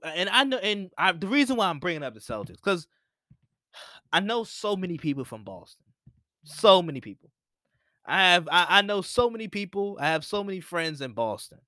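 A man's voice: on the high side, pushed and bright, dry recording, clean studio sound. A man hosting a sports podcast, talking casually and repeating his points for emphasis. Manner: opinionated, repeats himself for emphasis. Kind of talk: casual solo sports talk.

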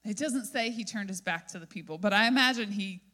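A woman pastor preaching a sermon in a lively storytelling manner, often asking "right?". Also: medium pitch, brisk.

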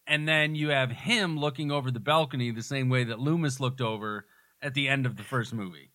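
Bright-voiced man recapping a movie. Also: mid-range voice, fairly quick, dry recording. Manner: retells scenes in detail, laughs often. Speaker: podcast co-host. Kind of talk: casual movie discussion.

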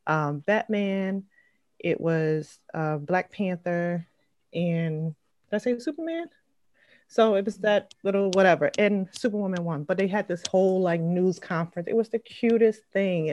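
Chatty mom on a dry, close call. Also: female voice, fairly low pitch, darkish tone, no echo. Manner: chatty, fillers and trailing "like", acts out quotes. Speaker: mom sharing her week. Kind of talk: casual group chat.

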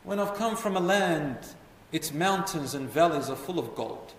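A man's voice: on the high side, lively intonation, normal speed, close to an everyday voice. A man quoting a crafty Arab envoy, pleading. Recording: echoey hall, voice from far off.

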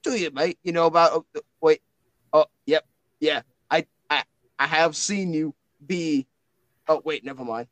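A man playing a male spirit bound inside a talking book, speaking. He stammers, restarts and says mate constantly. The voice sits a little high, and the recording is close and dry. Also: unhurried, fairly bright tone, no room sound, poor audio. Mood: chummy. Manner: hesitant, stammering, calls everyone mate.

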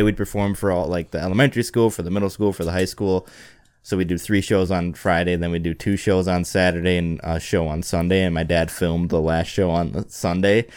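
A young man co-hosting a podcast in casual chat, halting and repeating words, laughing easily. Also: deep voice, smooth, dry recording. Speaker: podcast co-host.

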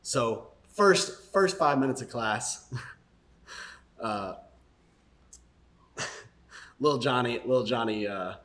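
A young man chatting casually as a podcast co-host. His voice is bright and forward. He talks loosely with plenty of ums and easy laughter. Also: mid-range voice, animated, slow pace, pauses often. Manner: laid-back, lots of fillers, laughs while telling a joke.

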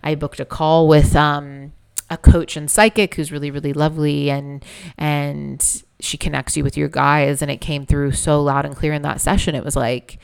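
A woman's voice: deep voice, level tone, normal speed, creaky, clear, resonant tone. A woman hosting her own podcast as a business coach, talking candidly through her story with plenty of swearing and fillers. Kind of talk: casual solo podcast monologue.

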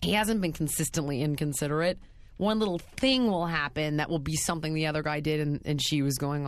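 A woman's voice: deep voice, steady tone, a little fast, dry recording. A woman hosting an advice talk show, speaking bluntly and emphatically in casual chat. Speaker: radio advice show host.

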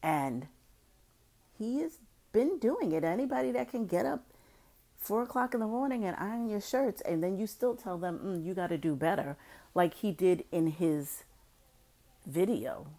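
A woman's voice: medium pitch, lively intonation, measured pace, long pauses, dark tone. A woman hosting a podcast, giving chatty, opinionated reality-TV commentary with playful asides. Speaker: podcast host.

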